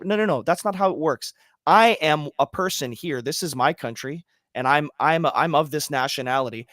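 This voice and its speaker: A man's voice: a little high, lively intonation, fairly quick, fairly bright tone, no echo, studio quality. A man co-hosting a podcast in casual chat, ranting in a heated, emphatic way and swearing freely. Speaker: podcast co-host.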